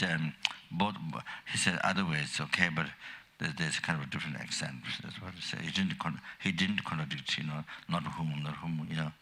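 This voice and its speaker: An older man giving a Dharma teaching as a Buddhist teacher, speaking in a halting, rambling way with many fillers and restarts, and coughing often. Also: very deep voice, pushed and bright, slightly rough.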